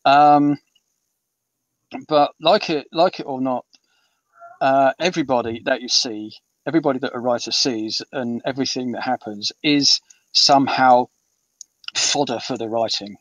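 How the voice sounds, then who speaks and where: Long pauses mark the a little slow, steady mid-range speech of a British author in his fifties being interviewed casually. He rambles with many ums and restarts, and the muffled, distant, dry recording has no echo.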